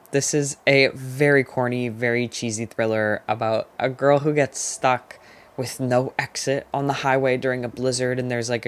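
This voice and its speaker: A young adult talking through a casual book review vlog, chatty and opinionated, with lots of "like" fillers and quick, emphatic verdicts. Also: mid-range voice.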